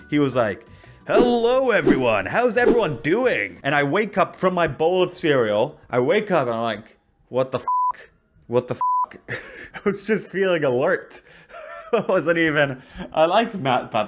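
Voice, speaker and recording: A man casually reviewing products and telling a story, animated and self-deprecating, laughing often and restarting sentences. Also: medium pitch. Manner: rambling, restarts a lot. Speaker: YouTuber.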